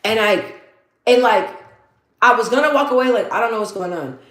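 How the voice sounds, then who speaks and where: A woman's voice: on the high side, lively intonation, fairly quick. A woman in her thirties hosting a casual live chat. She tells stories, repeats her points for emphasis, and reads out viewer comments. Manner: chatty storytelling, repeats phrases for emphasis. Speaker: livestream host. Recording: roomy echo.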